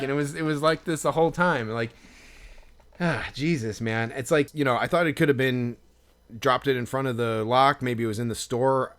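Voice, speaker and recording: A man tells a story on a casual podcast at a middling pitch. He gets animated, pushing his voice up and louder as he acts out each quote. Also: moderate pace. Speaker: podcast co-host.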